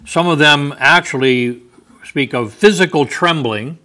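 A male Bible teacher giving a sermon-style lesson at an unhurried pace. His voice is bright and forward. He explains thoughtfully, with wry asides and soft chuckles. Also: fairly high pitch.

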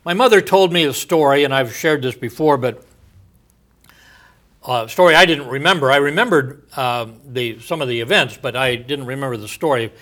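A man, likely older, delivering a sermon slowly and deliberately, letting his phrases trail off softly at the ends. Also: medium pitch. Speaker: preacher.

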